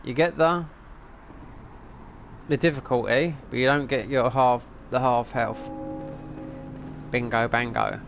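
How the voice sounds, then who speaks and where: A man's voice: medium pitch, fairly even intonation, takes it slowly, creaky, long pauses, fairly bright tone, soft background music. A middle-aged man, rambling and thinking aloud as he comments on a game, now and then swearing at it. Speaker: streamer. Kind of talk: casual gameplay commentary.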